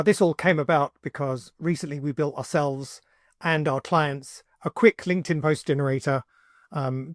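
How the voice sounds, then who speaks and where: A man hosting a software tutorial, talking casually and thinking aloud with fillers as he builds something on screen. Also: a little high, no room sound, studio quality. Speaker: tutorial host, agency owner.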